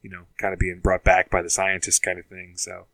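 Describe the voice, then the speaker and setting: A man's voice: deep voice, monotone, a little fast, creaky, sharp tone, no echo, low-quality recording. A man co-hosting a casual podcast chat about TV shows, rambling with lots of fillers and asides. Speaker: podcast co-host.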